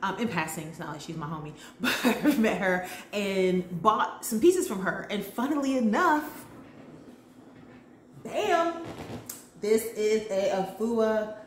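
A woman vlogger recapping a TV episode in a chatty, enthusiastic way with lively slang. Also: medium pitch, normal speed, hardly any pauses, slight background noise. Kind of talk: casual chat. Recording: roomy echo.

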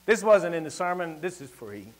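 Male preacher, high voice, rural Southern US accent, folksy and emphatic, big swings in loudness. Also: very animated, normal speed. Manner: emphatic, swings from loud declarations to quiet asides, folksy. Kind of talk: sermon with personal storytelling. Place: church service.

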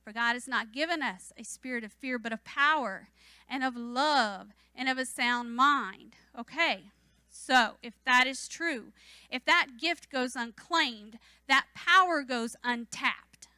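Female church speaker, bright and forceful tone, fervent sermon delivery. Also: high voice, takes it slowly, clear, resonant tone, dry recording. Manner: fervent, rising to emphatic declarations.

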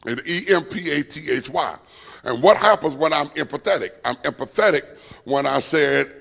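A man's voice: fairly high pitch, lively intonation, normal speed, vocal fry, fairly bright tone. A man preaching a Bible study sermon, calling on the room to answer and fill in words. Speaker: pastor. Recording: long church reverb.

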